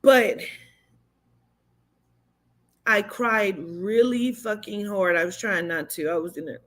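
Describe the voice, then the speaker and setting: A woman shares her reaction to a movie in a relaxed, unscripted vlog. She speaks with raw emotion and plain candor. Her talk is full of fillers and the occasional swear word. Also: medium pitch, slow. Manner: emotional, candid, swears freely, many fillers. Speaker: vlogger and spiritual reader. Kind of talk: casual movie recap chat.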